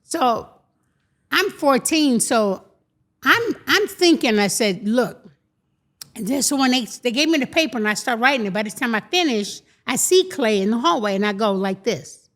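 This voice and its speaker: An older woman, a guest in an interview, tells animated stories in a somewhat high, expressive, slightly bright voice at a moderate pace. She acts out the voices of the people she quotes.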